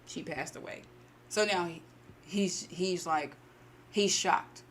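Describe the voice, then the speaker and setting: A woman casually retelling a short story to her channel, acting out the characters' lines with lively bursts. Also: fairly low pitch, slow pace, a little hiss or hum. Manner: animated, acts out character lines. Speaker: storytelling host.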